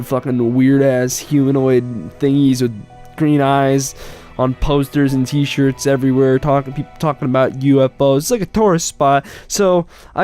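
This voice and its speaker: A man improvising a comic story, rambling and halting, full of fillers and swearing. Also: medium pitch, darkish tone.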